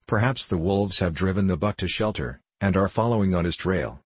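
Grave older warrior, calm, slow and solemn, as a man reads him; very deep, dry. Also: breathy edge, dry recording. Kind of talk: audiobook character reading.

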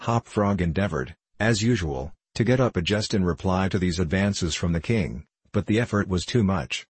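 A man narrating a classic tale as an audiobook, in a measured, steady manner. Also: sits low, breathy edge, no room sound. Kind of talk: audiobook reading.

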